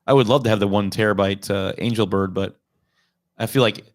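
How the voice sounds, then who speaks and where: Laid-back man with a low voice. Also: steady tone, fairly quick. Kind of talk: casual chat. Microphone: streaming mic.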